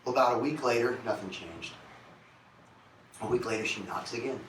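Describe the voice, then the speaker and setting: A man's voice: medium pitch, normal speed, fairly bright tone. Man, singer on stage, candid confessional storytelling, roomy echo, distant mic, faint crowd noise. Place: concert venue stage. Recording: echoey venue, distant mic.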